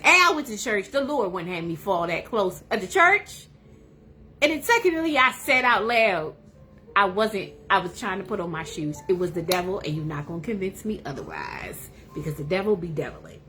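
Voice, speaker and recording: Animated woman telling a funny story. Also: medium pitch. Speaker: livestream host. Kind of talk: casual storytelling.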